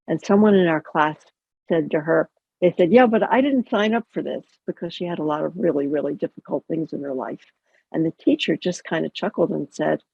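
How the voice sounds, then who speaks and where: A middle-aged woman, a chaplain and educator, giving a gentle, conversational teaching talk and acting out the inner voices she quotes. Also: lowish voice, vocal fry, husky, no room sound. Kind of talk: guided teaching talk on self-compassion. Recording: tinny phone-like call audio.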